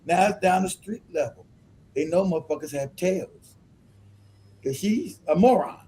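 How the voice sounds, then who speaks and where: Mellow, laid-back cursing man. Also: sits high, lively intonation, normal speed, rough recording. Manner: loose, laughing, swearing, talks over clips. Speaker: stream host reacting to clips. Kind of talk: casual profane commentary.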